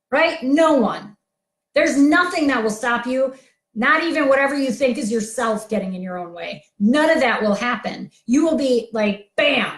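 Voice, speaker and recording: Blunt, energetic woman coach. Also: sits high, roomy sound. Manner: blunt, energetic, pep-talk delivery. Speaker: coach for sensitive people. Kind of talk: motivational talk to camera.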